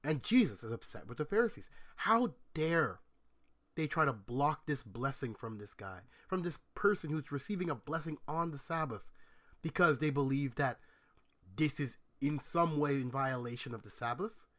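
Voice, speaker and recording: Man telling Bible stories in a slightly high voice. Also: lively intonation, moderate pace, fairly bright tone. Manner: storytelling, explains step by step with rhetorical questions. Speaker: Bible speaker answering questions. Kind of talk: conversational Bible lesson.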